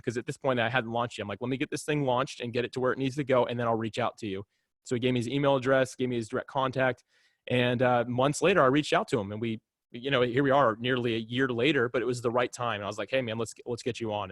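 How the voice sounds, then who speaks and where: A man speaking quickly and animatedly as a podcast guest, acting out both sides of the conversations in his story. His voice sits at a middle pitch, and the recording is dry and close. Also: no room sound. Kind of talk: casual storytelling.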